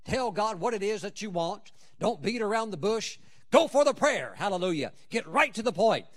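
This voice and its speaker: A man preaching a sermon, emphatic, with dramatic swings in loudness and pitch. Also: expressive, moderate pace. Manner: acts out prayers and scripture in quoted voices.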